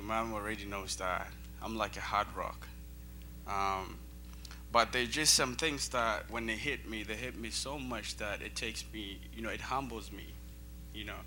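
Bright-voiced man. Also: fairly low pitch, slight background noise. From Botswana. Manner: earnest, emotional, preacherly. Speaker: guest missionary speaker. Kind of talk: church testimony.

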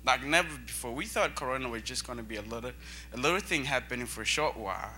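Bright-voiced man. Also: mid-range voice, fast talker, slight background noise. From Botswana. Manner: earnest, emotional, preacherly. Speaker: guest missionary speaker. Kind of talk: church testimony.

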